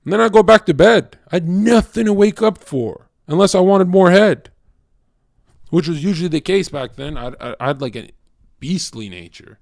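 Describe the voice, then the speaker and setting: A male livestreamer in a casual monologue. He is blunt, crude and profane, rambling with lots of fillers and swinging between loud bursts and low mutters. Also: animated, normal speed, gravelly, dry recording, studio quality.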